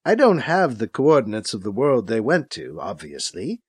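A man's voice: fairly low pitch, huge pitch swings, moderate pace, slightly rough, no echo, pitched below the performer's own voice, heavily acted. A man voicing a stern, weary older aunt. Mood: reluctant. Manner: weary, guarded, sighing. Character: stern, solemn older woman, a former leader and aunt. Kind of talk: audiobook character voice.

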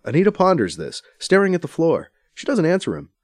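A man reads a serial story aloud with an expressive, lively delivery. His voice sits a little high and moves about a lot. The sound is dry and close. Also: brisk, no room sound. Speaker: narrator. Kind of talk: scripted story narration.

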